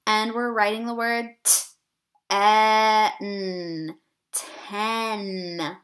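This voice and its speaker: Slow, bright-voiced woman teaching phonics. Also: on the high side. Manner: deliberate, drawn-out sounding of words. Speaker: kindergarten teacher. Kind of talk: phonics lesson for young children.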